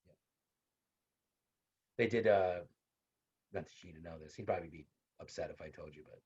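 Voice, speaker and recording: Husky low-voiced man lecturing over video call. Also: fairly quick, pauses often, darkish tone. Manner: conversational, repeats points, personal asides. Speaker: university instructor. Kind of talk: casual online lecture. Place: online video class. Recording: dull lo-fi video call audio.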